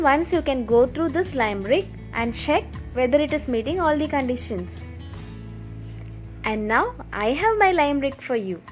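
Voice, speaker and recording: A woman with a fairly high voice teaches children, clear and patient. Soft music plays faintly beneath her. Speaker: English teacher. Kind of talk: scripted video lesson.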